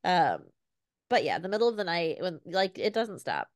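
A woman in her thirties co-hosting a casual podcast, telling stories in an animated way and acting out her toddler's lines. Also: fairly low pitch, normal speed, no echo, studio quality. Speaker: podcast co-host. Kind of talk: casual chat.

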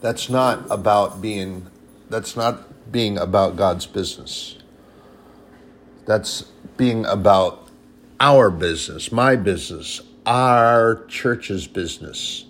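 Guy preaching casual sermon, lowish voice, earnest and kinda scolding, faint hiss behind. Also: takes it slowly. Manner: earnest, plain-spoken, scolding at times. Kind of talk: informal sermon.

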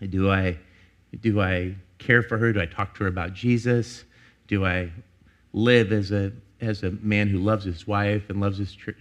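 A middle-aged man, a pastor, preaching in church in a candid, conversational way, telling a personal story with frequent restarts. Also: fairly low pitch. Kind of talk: sermon.

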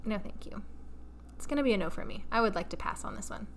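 A woman co-hosting a casual podcast, telling a story in an animated way and adding playful asides. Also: mid-range voice, fast talker, a little hiss or hum. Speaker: podcast co-host.

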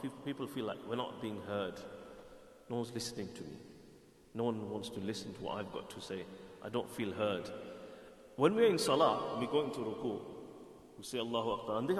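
A man's voice: medium pitch, fairly bright tone, echoey room, big-room sound. A man giving a sermon, earnest and explanatory, repeating phrases for emphasis. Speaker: Islamic preacher.

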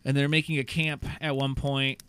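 A man casually recapping a movie plot on a podcast, rambling and animated, swearing and acting out lines of dialogue. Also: mid-range voice, normal speed, smooth. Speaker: podcast co-host.

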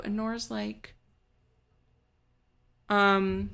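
A woman co-hosting a podcast, quickly and sardonically retelling a TV episode in casual chat. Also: medium pitch, steady tone, a bit bright. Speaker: podcast co-host.

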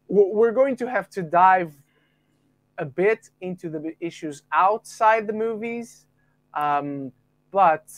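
A man from the UK hosting a casual podcast, reading out listener rankings with quick jokey asides. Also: sits high, no echo. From United Kingdom. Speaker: podcast host.

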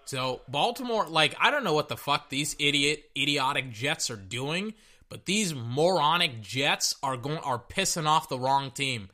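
A man hosting a sports podcast and ranting in a blunt, casual way. He swears freely and keeps circling back to the same point. His voice sits a little high and rings bright and forceful. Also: animated, unhurried. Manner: blunt, profane, repeats himself. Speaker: podcast host. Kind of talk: casual sports reaction rant.

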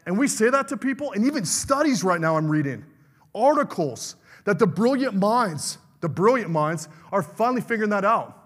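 A man's voice: high-pitched, lively intonation, moderate pace, fairly bright tone, husky, in a large hall. A middle-aged male pastor preaching a fervent sermon, calling out to the congregation for amens.

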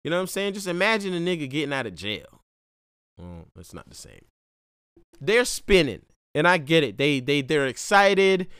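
A man's voice: a little high, sing-song, moderate pace, fairly bright tone, clean tone, no room sound, clean studio sound. A man telling a rambling story in a laid-back casual monologue, full of slang and restarts. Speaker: vlogger.

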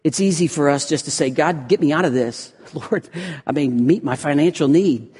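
Husky-voiced man preaching in a reverberant hall. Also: fairly high pitch, normal speed. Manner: swings from loud emphatic lines to hushed, near-whispered ones. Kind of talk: sermon. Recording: long reverb of a large hall.

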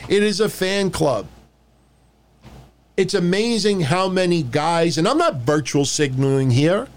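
A man's voice: high-pitched, expressive, unhurried. A man hosting a casual podcast, ranting in a blunt, profane and mocking way. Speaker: podcast host. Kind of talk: casual wrestling podcast rant.

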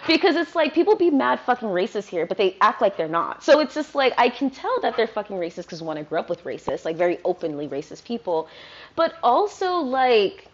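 A woman's voice: a little high, sing-song, fairly quick, highs cut off. A woman from Virginia hosting a podcast, talking in a loose, rambling monologue with lots of swearing, recorded in her apartment. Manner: swears a lot, loose and ranting. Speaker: podcast host.

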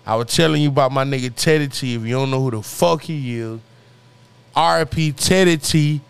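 A man's voice: mid-range voice, a little fast, vocal fry, clean tone. Stammering, laid-back male podcast host. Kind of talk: casual podcast chat.

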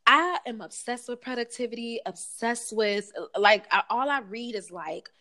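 Lively, laughing woman coach. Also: on the high side, moderate pace. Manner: lively, expressive, laughs often, slangy. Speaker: life coach guest. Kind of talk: casual podcast interview.

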